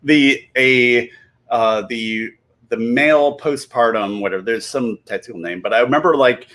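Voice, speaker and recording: A man's voice: medium pitch, normal speed, a bit bright. A man in his thirties, a comedian guest, telling a story while a bit tipsy, rambling, cutting himself off and laughing mid-sentence.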